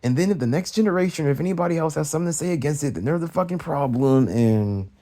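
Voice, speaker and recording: A young man tears through an angry late-night rant at a breakneck pace. His voice sits a little high yet sounds dark and mellow in tone. He swears freely and keeps stumbling into restarts. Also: lively intonation. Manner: agitated, profane, rapid-fire venting with restarts. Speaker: vlogger.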